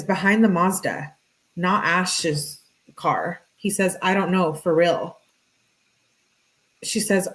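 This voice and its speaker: A woman with a slightly low voice reads through a string of text messages, pausing to react in an exasperated, offhand way. She answers viewers' questions as she goes, keeping things conversational. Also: low-quality recording. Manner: casual, reacts to live chat comments; exasperated asides between read messages. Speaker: true crime commentator. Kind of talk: reading text messages aloud with commentary.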